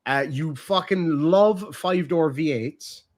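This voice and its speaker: A young man holds a loose, swear-filled chat and explains slang with animated energy. His voice sits a little higher than most men's. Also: slow pace. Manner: profane, animated storytelling. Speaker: streamer host. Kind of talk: casual chat.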